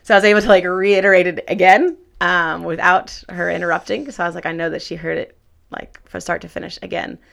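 A young woman tells a faith story casually and animatedly, acting out quoted dialogue and saying "like" a lot. Her voice is lowish with vocal fry, and she talks a little fast.

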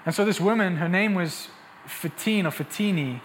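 A young male pastor preaches in a high, bright-edged voice. He moves between relaxed, chatty asides and emphatic, rising calls to the congregation. His voice rings out with a long hall reverb over a faint background hiss. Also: normal speed. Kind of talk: sermon.

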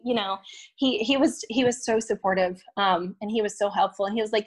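A young woman guest recounting a painful personal experience in casual, halting talk, full of "um" and "like" and restarts. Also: mid-range voice. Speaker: podcast guest; violin teacher.

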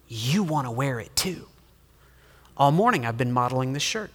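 Forceful middle-aged preacher in a reverberant hall. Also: male voice, a little high, moderate pace, pauses often. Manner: lively and humorous, swings between loud emphasis and quiet asides. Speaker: pastor. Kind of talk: sermon.

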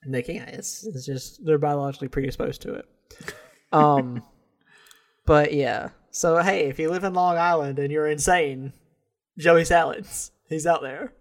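A man with a somewhat high voice co-hosts a casual, jokey podcast chat. He laughs often and lets sentences trail off into mumbles. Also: a little slow. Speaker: podcast co-host. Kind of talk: casual comedic political chat.

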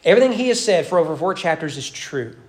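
A man's voice: a little high, big pitch swings, quick pace. A man preaching an expository sermon at an evening church service, talking conversationally, with wry asides and frequent restarts. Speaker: pastor. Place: church sanctuary during evening worship.

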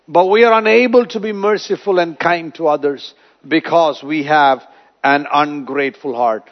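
A man preaching a sermon, retelling a parable with dramatic storytelling and wide swings in loudness. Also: a little high, normal speed. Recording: dull lo-fi recording.

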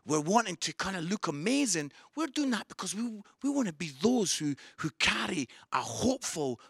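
Brief: male pastor, high-set voice, bright and forceful, enthusiastic sermon delivery. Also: no room sound, clean studio sound. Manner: enthusiastic, swings between excited outbursts and soft pleading. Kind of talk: sermon to an online audience.

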